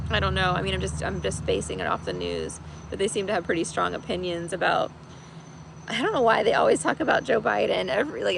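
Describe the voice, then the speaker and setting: A woman host chats casually on a livestream in a strongly gravelly, creaky voice. She rambles, leans on fillers and laughs easily as she talks. Faint background noise sits under her voice. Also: medium pitch. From United States. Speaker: tarot reader and channel host.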